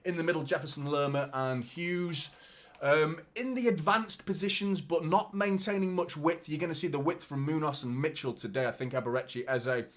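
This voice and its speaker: A man's voice: fairly high pitch, normal speed. A man hosting a live football watchalong stream, chatting casually and swearing, talking straight to his viewers and reading out their messages.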